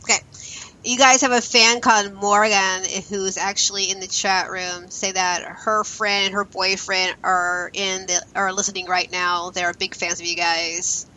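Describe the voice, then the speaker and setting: Chatty, bright-voiced female radio host. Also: mid-range voice, little pitch movement, measured pace, low-quality recording. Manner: chatty, giggly, reading out the chat room. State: has a cold. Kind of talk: casual radio chat.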